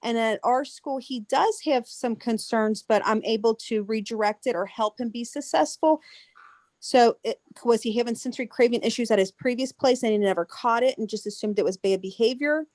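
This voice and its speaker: A woman's voice: on the high side, moderate pace, darkish tone, no echo. A woman child care teacher asking a question on a webinar, hesitant and searching for words. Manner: hesitant, searching, with many restarts.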